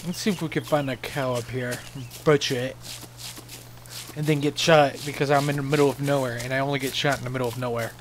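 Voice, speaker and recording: A man's voice: medium pitch, fairly even intonation, a little fast, a little hiss or hum. A young man giving casual, rambling commentary over a survival game, sarcastic and swearing freely. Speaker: gaming channel host.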